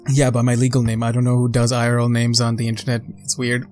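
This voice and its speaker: A man co-hosting a podcast in casual chat, with an offhand delivery. His voice stays flat and level in pitch. Faint music sits under the talk. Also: fast talker. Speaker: regular co-host and streamer.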